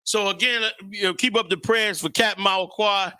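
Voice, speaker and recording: A man with a very high, sharply bright voice leads a live talk show. He talks with preacherly fervor and calls out to the room with loud, energetic shout-outs. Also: normal speed. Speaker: show host.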